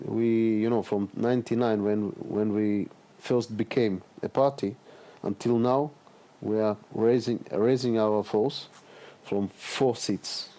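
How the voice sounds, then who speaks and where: A middle-aged man answers interview questions in a low, mellow voice. He speaks haltingly, filling pauses with "uh" and repeating words as he searches for them. He sounds like a politician guest.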